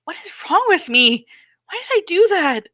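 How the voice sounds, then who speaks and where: A woman voicing a young girl, intense and frightened, in a high pleading childlike voice, on a slightly muffled recording. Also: sing-song, moderate pace, bright, forceful tone, no room sound. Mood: distraught.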